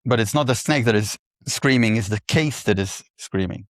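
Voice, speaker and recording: A man in casual technical chat, pairing on code and thinking aloud with halting restarts. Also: lowish voice, dry recording, studio quality.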